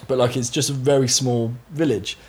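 A young man with a light Somerset accent talks in a mid-pitched voice. He chats easily as a guest, telling stories in a relaxed, good-humoured way. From Somerset, England. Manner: chatty, storytelling, quick to laugh. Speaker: guest musician. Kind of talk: casual podcast chat.

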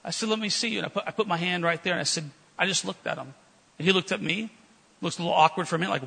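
A man's voice: sits high, racing, creaky, pushed and bright, slightly rough. A man preaching a fervent sermon in a church, telling stories with quoted dialogue. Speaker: guest preacher. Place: church sanctuary. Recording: long reverb of a church hall.

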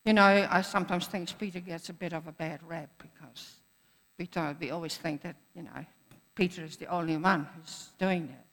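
A woman's voice: on the low side, steady tone, moderate pace, a bit bright. A woman preacher giving a sermon in an earnest manner, repeating phrases for emphasis. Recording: echoey hall.

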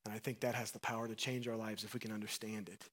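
A man preaching a sermon, animated and acting out the voices of Bible figures, dropping to a low hush for emphasis. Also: fast. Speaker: pastor.

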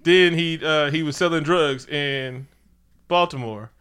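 A man co-hosting a casual movie recap chat, talking in an animated, jokey way. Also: a little high, a little slow, smooth. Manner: animated, jokey, slips into quoted voices. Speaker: podcast co-host.

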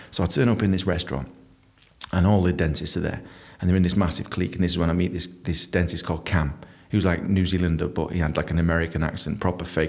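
A man telling a comic story, animated, often jumping into squeaky high voices for jokes. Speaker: comedian storyteller.

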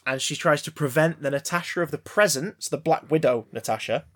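Male podcast co-host, rambling deadpan banter, lots of restarts. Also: fairly high pitch, a little fast. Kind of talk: casual banter about films.

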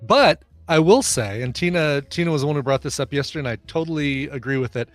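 A man's voice: a little high, animated, fast, dry recording, faint music behind. A man co-hosting a casual podcast, joking and laughing often. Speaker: podcast co-host. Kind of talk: casual chat.

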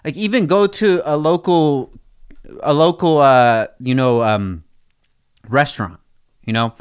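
A man's voice: fairly high pitch, unhurried, clear, resonant tone. A young man hosting a podcast in casual chat, laid-back and full of swearing, talking straight to his listeners. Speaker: podcast host.

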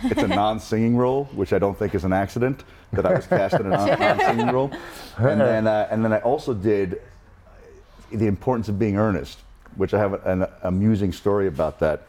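A man's voice: lowish voice, lively intonation, a little fast, a little mellow, slight background noise. A middle-aged man from New Jersey, a guest telling wry, self-deprecating stories in a casual interview.

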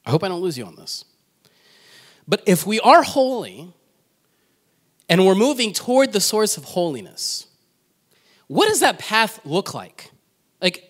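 A man's voice: high-pitched, fairly bright tone. A man preaching a sermon in a conversational way, asking the congregation questions and telling personal stories with self-deprecating humor.

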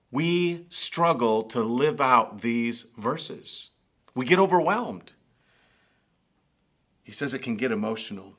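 A male pastor preaching with a bright, forward tone. He tells stories with a steady pulpit rhythm and rises to forceful, emphatic passages. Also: mid-range voice. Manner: storytelling preacher who builds to emphatic raised passages. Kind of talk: sermon.

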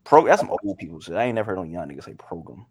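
A young man co-hosting a podcast, an animated storyteller who laughs often. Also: deep voice, rapid-fire, slightly rough, no room sound. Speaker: podcast co-host. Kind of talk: casual chat.

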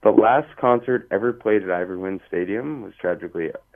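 A man's voice: on the low side, a little fast. A man from Hamilton calling in to a radio show, talking in an emotional, heartfelt, emphatic way. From Hamilton, Ontario. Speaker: caller. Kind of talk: phone-in chat. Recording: tinny phone line.

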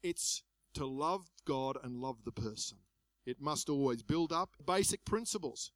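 High-voiced aussie preacher guy, lively, goes loud then quiet, dry sound. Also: no echo. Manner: lively, swings from loud emphasis to soft asides. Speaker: pastor. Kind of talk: sermon.

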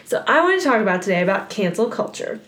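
A young woman chats casually as a co-host, rambling with plenty of fillers and easy laughs. Her voice sits at a middle pitch and rings in a roomy, echoey space. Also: sing-song, quick pace, fairly bright tone. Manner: chatty, laughing, frequent "like" fillers. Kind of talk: casual chat. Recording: roomy echo.

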